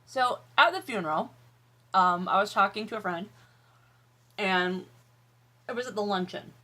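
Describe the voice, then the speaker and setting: Woman vlogger, tired, candid, chatty, swears freely, bright voice, home office. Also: mid-range voice, unhurried. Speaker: YouTube vlogger. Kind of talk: casual chatty vlog while eating.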